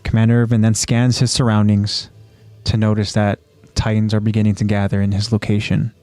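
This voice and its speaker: A man's voice: on the low side, monotone, brisk, mellow, no echo, faint music behind. A man co-hosting a casual podcast, retelling scenes step by step and then talking loosely about them. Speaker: podcast co-host. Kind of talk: casual podcast chat recapping an anime episode.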